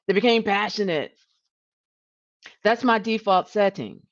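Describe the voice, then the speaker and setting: Woman coach on a livestream, lowish voice, animated, stumbles and restarts a lot, kinda muffled lo-fi audio. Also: unhurried. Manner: animated, restarts and repeats words, rises when passionate. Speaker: leadership coach and livestream host. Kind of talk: coaching talk.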